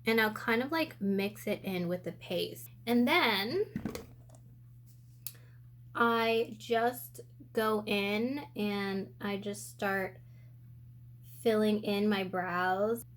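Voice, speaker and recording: Slow, chatty woman doing a makeup tutorial. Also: mid-range voice. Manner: chatty and relaxed, thinking aloud while applying makeup. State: a little out of breath. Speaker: beauty vlogger. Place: indoor room with sunlight coming in.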